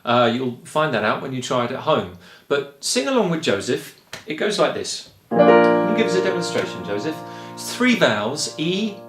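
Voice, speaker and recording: A man from England with a Kent accent, a choir director explaining singing in a relaxed, rambling way with frequent ums. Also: on the high side, normal speed, echoey room, over music. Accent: Kent English. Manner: chatty and rambling, with frequent ums and light laughs. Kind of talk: relaxed spoken lesson.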